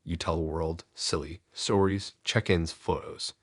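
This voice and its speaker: A man's voice: sits low, fairly even intonation, a little slow, no echo, clean studio sound. A man reading a sweetly obsessive young woman stalker. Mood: playfully teasing.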